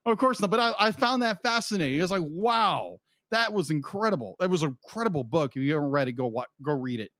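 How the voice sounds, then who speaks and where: A man co-hosting a podcast in loose, casual chat. He rambles, restarts his sentences and keeps adding asides. His voice sits slightly high, and the sound is dry and close. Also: animated, fast, hardly any pauses, fairly bright tone, no echo. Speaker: podcast co-host.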